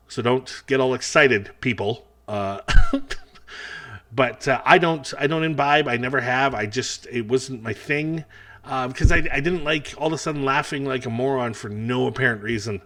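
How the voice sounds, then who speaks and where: A man's voice: medium pitch, normal speed, a bit bright. A man doing a taped stand-up comedy set, talking in a rambling, self-mocking way full of chatty asides. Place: taped show without live audience.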